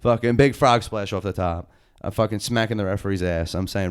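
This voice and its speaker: Young male podcast host, resonant low voice, rambling hyped slang-heavy stories. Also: a little fast, clear, resonant tone. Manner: loose, excited storytelling full of slang and swearing. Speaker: podcast co-host and indie wrestler. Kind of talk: casual profane chat.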